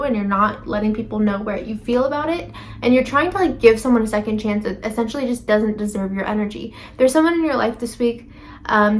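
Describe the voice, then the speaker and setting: A woman talks through a tarot reading in a loose, rambling way, full of "like" and "um" as she corrects herself mid-thought. Her voice sits a little high. A faint hiss of background noise runs under the recording. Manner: rambling, filler-heavy, self-correcting. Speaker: tarot reader. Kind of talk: casual tarot reading to camera.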